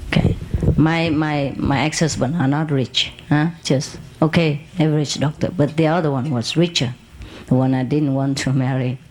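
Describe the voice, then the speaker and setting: A woman's voice: low-pitched, moderate pace, slight background noise, rough recording. A woman, a spiritual teacher, tells a long personal anecdote to an audience in loose, broken English. She laughs often and acts out the people in her story. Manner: animated anecdote with laughs and acted quotes, broken English grammar.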